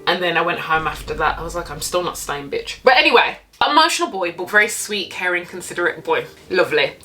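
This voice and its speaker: Bright, candid woman vlogger. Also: lowish voice, fast talker, soft background music. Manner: candid, animated, swears freely. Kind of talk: casual storytime.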